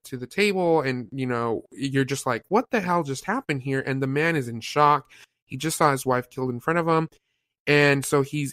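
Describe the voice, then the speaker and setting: A man hosts a casual review chat, walking through film scenes with animated, rambling storytelling. His voice is smooth and resonant, recorded close and dry with no room sound. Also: medium pitch, no echo. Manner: animated storytelling, retelling scenes with repeated filler. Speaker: podcast host reviewing a film.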